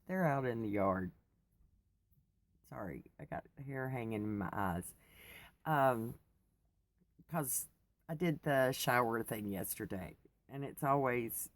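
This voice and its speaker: A woman's voice: extremely low pitch, no echo. A woman from the United States, chatting casually and rambling to her viewers in a vlog, laughing often. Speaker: vlogger. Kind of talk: casual chat to camera.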